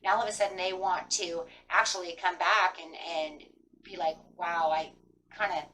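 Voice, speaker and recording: A woman's voice: lowish voice, fairly even intonation, normal speed, pushed and bright, far from the mic, slight background noise, poor audio. A woman giving a casual tarot reading, rambling and full of fillers like "kind of" and "like". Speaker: tarot reader.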